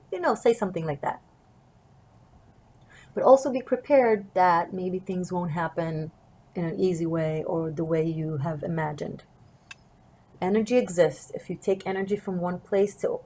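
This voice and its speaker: A woman's voice: on the low side, normal speed, pauses often, dark tone, poor audio. A woman tarot reader and martial artist telling a personal story to her viewers in an earnest, reflective, wandering way. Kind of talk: casual storytelling to camera.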